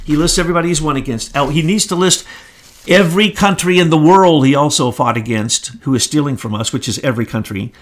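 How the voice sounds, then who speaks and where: Emphatic man with a higher voice. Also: quick pace. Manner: emphatic, scornful. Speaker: co-host. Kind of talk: political commentary chat.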